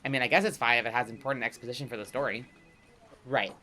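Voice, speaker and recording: In a comedic pitch-meeting bit, one man voices two characters, firing quick, lively exchanges between them.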